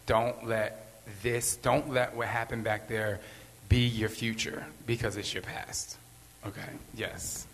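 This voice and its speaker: A man's voice: lowish voice, steady tone, slow pace, a bit bright, a little hiss or hum. Earnest rambling man in a reverberant hall. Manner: earnest, rambling, repeats phrases for emphasis. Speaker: podcast host. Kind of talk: candid motivational talk.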